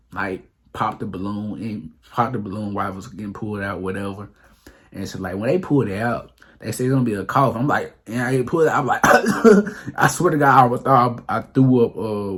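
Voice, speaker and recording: Husky low-voiced young man rambling. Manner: rambling, profane, filler-heavy. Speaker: vlogger. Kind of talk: casual storytime monologue.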